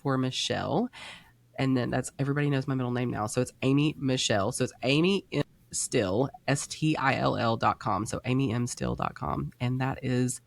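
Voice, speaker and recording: Woman host-author, gravelly, animated, casual faith talk. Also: moderate pace. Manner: gushing, animated, acts out voices in high pitch. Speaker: podcast host and author being interviewed. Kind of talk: casual Christian chat.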